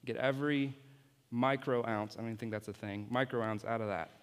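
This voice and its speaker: A man's voice: medium pitch, steady tone, brisk, clean tone. A man, apparently a youth pastor, giving an object-lesson sermon and playfully coaching volunteers on stage. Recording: long hall reverb.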